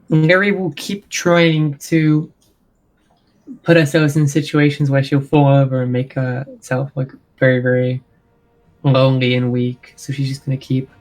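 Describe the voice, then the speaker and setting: Slow, flat-toned man playing a tabletop game. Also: medium pitch, poor audio. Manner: hesitant, halting with fillers. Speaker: player. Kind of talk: casual tabletop game talk.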